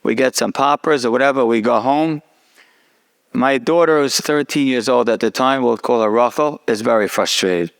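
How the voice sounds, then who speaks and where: A man's voice: medium pitch, normal speed, gravelly, smooth. A middle-aged man, a rabbi, telling a personal story in a sermon and acting out the dialogue. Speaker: rabbi giving a talk.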